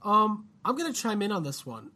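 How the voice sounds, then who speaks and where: A man's voice: sits high, sing-song, normal speed, bright, forceful tone. A man hosting a casual podcast chat, loose and joking, swearing freely. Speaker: podcast host.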